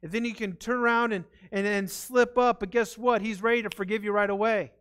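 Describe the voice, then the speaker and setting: A man's voice: sits high, fairly even intonation, brisk, a bit bright, smooth. A man preaching a sermon in a church, earnest and conversational, stumbling over his words now and then. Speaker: pastor. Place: church sanctuary.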